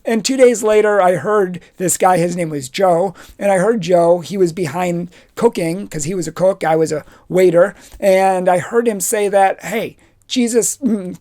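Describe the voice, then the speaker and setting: A man giving a youth retreat talk, telling personal stories with lively energy and acting out the dialogue. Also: sits high, normal speed, few pauses. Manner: animated storytelling, acts out dialogue. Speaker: confirmation retreat speaker.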